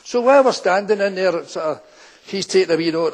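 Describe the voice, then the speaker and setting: An older Glaswegian man, once a policeman, performs live stand-up storytelling on a town hall stage before a full house. His voice is high, fast and slightly rough, and he plays the characters in his anecdotes in broad local dialect.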